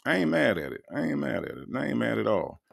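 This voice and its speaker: Gravelly-voiced man, livestream host, animated and slangy, lively swings in pitch. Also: quick pace. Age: 40s. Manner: animated, loud bursts, laughing, slangy. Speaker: livestream host reading chat. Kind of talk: casual livestream commentary.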